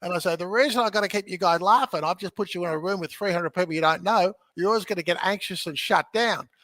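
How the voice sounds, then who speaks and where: A man talking as a podcast guest who teaches real estate, energetic and jokey, often checking in with "okay?" as he explains. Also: sits high, fast, dry recording. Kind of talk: animated teaching in conversation.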